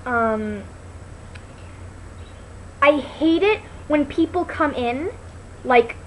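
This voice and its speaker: Chatty high-voiced woman vlogging. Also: lively intonation, extremely slow, a bit bright, a little hiss or hum, rough recording. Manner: rambling, full of "like" and restarts. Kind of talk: casual chat to camera. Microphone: computer mic.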